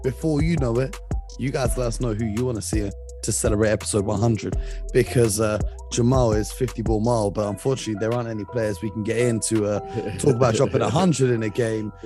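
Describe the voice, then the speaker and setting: A young man in his late twenties co-hosting a casual sports podcast, eager and animated. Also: on the low side, fast, music in the background. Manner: enthusiastic, animated, leads the conversation. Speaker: podcast co-host.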